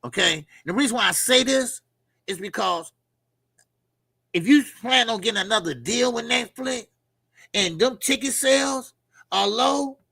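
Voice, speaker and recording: Gravelly-voiced man rambling on a livestream. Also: high voice, pushed and bright, no echo. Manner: loose, rambling, many fillers and repeats. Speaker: livestream host. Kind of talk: casual live chat reading comments.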